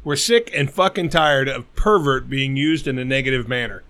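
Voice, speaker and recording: A man's voice: medium pitch, moderate pace, a bit bright. A man co-hosting a podcast, bantering bluntly and profanely, delivering mock-serious rants. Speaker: podcast co-host. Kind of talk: crude casual banter.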